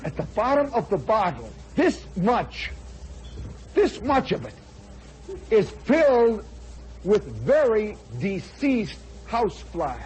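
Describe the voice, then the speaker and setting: A man in his forties, a radio host telling a comic personal story in an animated way, now and then shouting for effect. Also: high voice, takes it slowly, rough recording. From United States. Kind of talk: spoken storytelling monologue. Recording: old radio broadcast with faint crowd and noise.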